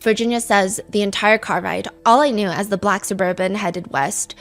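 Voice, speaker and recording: A woman's voice: mid-range voice, fairly even intonation, normal speed, soft background music. A woman hosting a true crime podcast, retelling a case and reading quotes aloud with blunt asides. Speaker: podcast host.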